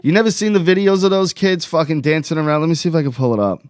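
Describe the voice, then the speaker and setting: A man's voice: a little high, animated, racing, smooth, no echo. A man co-hosting a casual chat who cracks dry jokes and chips in with quips. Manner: wisecracking, dry jokes and interjections. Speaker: podcast co-host.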